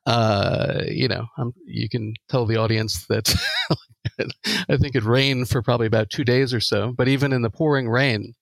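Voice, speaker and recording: Gravelly-voiced man telling a story. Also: medium pitch, moderate pace, no echo. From Long Island, New York. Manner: relaxed storytelling with many fillers. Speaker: psychology professor guest. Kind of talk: podcast interview.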